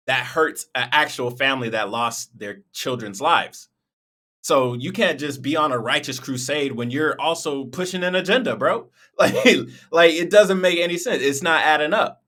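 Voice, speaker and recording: A man with a bright, forward voice talks through a reaction video in a loose, chatty way. He addresses his viewers casually and directly. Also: medium pitch.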